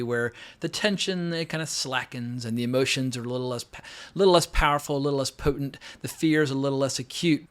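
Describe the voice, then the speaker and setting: A man talks through a movie review at a quick clip. His voice sits at a middle pitch, and his delivery is loose, opinionated and peppered with swearing. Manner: casual, opinionated, with frequent swearing and fillers. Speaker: film reviewer. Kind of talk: unscripted movie review monologue.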